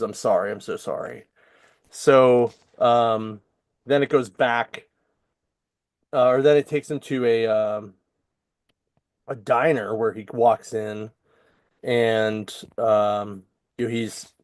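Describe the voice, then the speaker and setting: Slow-talking man recapping a comic. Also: medium pitch, darkish tone, no room sound, clean studio sound. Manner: rambling recap with many ums and restarts. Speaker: podcast co-host. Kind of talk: casual comic book chat.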